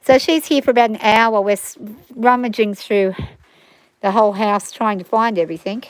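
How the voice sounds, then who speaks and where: A woman's voice: medium pitch, moderate pace, no echo, rough recording. A middle-aged woman with an Australian bush accent, chatting casually and rambling to viewers on a livestream from her farm. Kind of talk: casual chat. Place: outdoors on a farm in the rain.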